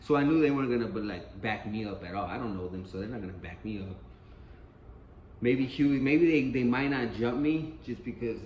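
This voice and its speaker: A man's voice: mid-range voice, lively intonation, brisk, lo-fi sound, slight background noise. A man telling a street story in a casual, rambling and profane way, often repeating himself. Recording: roomy echo, faint ambience.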